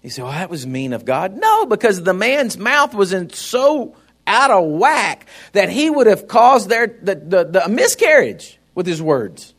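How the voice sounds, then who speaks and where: A man's voice: sits high, sing-song, unhurried, fairly bright tone. A man preaching a sermon in a folksy, conversational way, often turning to the congregation with asides.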